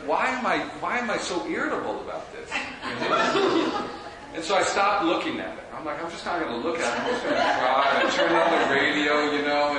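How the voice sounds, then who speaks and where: A man giving a casual talk to a small group, chatty, laughing often and asking his listeners questions. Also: on the high side. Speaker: spiritual teacher giving a talk. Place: room with a small audience. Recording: roomy and echoey, from far off, noisy.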